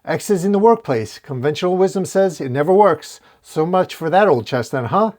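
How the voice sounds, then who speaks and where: A man's voice: on the high side, animated, moderate pace, darkish tone, pitched above the performer's own voice, natural voice. A man voicing a wisecracking young male superhero in a comic recap, full of jokes. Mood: quippy. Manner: joking, quippy.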